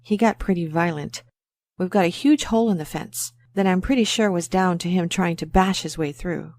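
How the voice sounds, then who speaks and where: A woman's voice: fairly low pitch, normal speed, a little mellow, no room sound, clean studio sound, close to an everyday voice. Woman playing a fretful dog owner. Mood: talkative worried. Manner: chatty, fretful, a little embarrassed. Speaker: pet owner in a scripted exam dialogue. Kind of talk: scripted exam role-play.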